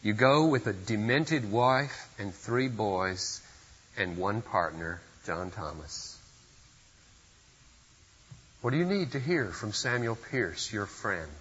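A man's voice: fairly low pitch, animated, slow pace, long pauses, a bit bright, highs cut off, a little hiss or hum. A pastor preaching a sermon at a church service, speaking earnestly and putting direct questions to his listeners.

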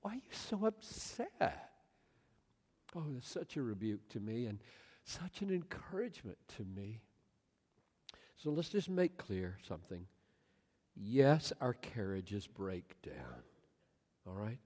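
A man in his sixties preaching a sermon, emphatic and swinging up to loud, impassioned bursts. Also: fairly low pitch, very animated, slow, pauses often. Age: 60s. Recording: echoey hall with long reverb.

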